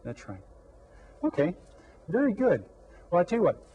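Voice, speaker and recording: Gentle, dark-voiced man teaching children. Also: high voice, huge pitch swings, muffled recording, a little hiss or hum. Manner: speaks slowly and clearly, asks questions and pauses for kids to answer. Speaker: elementary Spanish teacher. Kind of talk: scripted classroom lesson for children.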